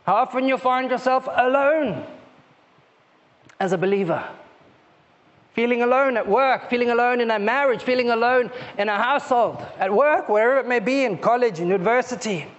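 A man preaching a sermon in a conversational way, often checking in with "okay?" and soft laughs, moving between raised emphatic lines and low intimate asides. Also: moderate pace. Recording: muffled lo-fi sound with long hall reverb.

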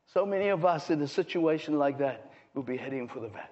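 A man delivering a sermon in a fairly high voice, moving between quiet, hushed asides and rising, fervent exhortation. The recording is dull and muffled, with a long reverb trailing through a church hall. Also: expressive, fast, few pauses. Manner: swings from hushed low asides to raised impassioned preaching. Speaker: preacher.

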